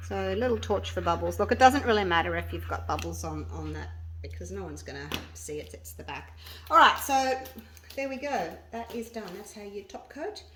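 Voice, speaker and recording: A woman's voice: medium pitch, animated, moderate pace, a bit bright. A woman hosting a casual resin craft tutorial vlog from her home workspace, chatting to viewers as she works and often restarting her sentences. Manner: chatty, talks to viewers while working, often trailing off and restarting. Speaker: resin craft channel host.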